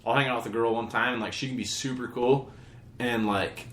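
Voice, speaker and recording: A man's voice: mid-range voice, steady tone, fairly quick, fairly bright tone. A young man in casual podcast chat, rambling and saying "dude" a lot. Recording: roomy echo.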